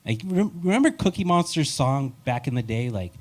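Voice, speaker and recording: A man's voice: mid-range voice, big pitch swings, a little fast. A man doing a live stand-up set, telling rambling, wry and self-deprecating stories. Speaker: stand-up comedian.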